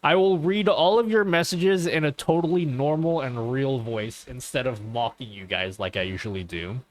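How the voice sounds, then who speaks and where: A man with a mid-range voice talks at a normal speed while chatting casually on a live stream. He rambles and swears, checking in with his viewers often and repeatedly asking "okay."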